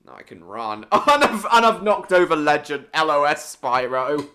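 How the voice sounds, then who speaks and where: Man, game streamer, silly and giggly, lively bright voice. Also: on the high side, normal speed. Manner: giggly, silly and self-mocking. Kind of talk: casual live-stream gaming chat.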